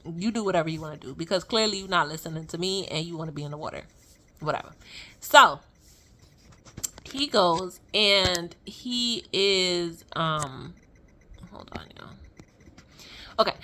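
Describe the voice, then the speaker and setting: A young adult woman telling a personal story in a casual, animated way, full of fillers and laughing as she goes. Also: lowish voice. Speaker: vlogger sharing a testimony.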